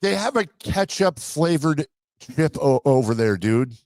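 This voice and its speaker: A man co-hosting a sports radio show, bantering in an animated, emphatic way. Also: on the high side, no echo. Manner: animated, quick to jump in, emphatic. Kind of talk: casual studio banter.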